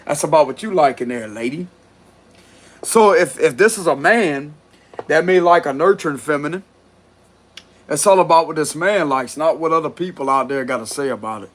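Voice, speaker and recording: A man's voice: a little high, normal speed, fairly bright tone. A man giving a casual tarot reading, talking bluntly with frequent cursing and laughter. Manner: blunt, profane, laughs often. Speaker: tarot reader.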